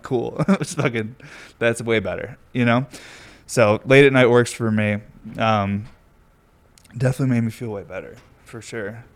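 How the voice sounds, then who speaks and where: A young man telling a rambling, laid-back story in casual chat, swearing freely and filling his talk with "like". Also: mid-range voice. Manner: rambling, loose, laid-back, swears a lot, heavy use of "like". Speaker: vlogger. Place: at home near a garage, windy outside.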